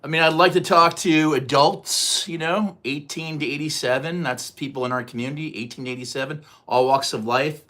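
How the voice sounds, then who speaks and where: Talking fairly quickly with few pauses, this sixties-aged U.S. livestream host has a slightly high, steady, sharp-toned voice. His casual chat with viewers wanders and repeats, eventually turning heated and forceful.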